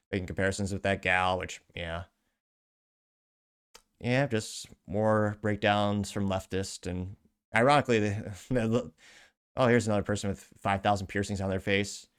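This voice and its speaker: Guy with a lowish voice reading posts out on his podcast, sarcastic, wanders off into side comments. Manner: sarcastic, rambling asides. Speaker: podcast host. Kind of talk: casual commentary reading social media posts.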